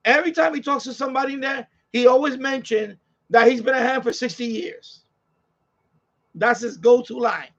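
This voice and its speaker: A man's voice: extremely high pitch, normal speed, fairly bright tone. A man with a New York accent hosting a live stream in casual chat, ranting and rambling with plenty of swearing and repeats. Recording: slightly dull lo-fi audio.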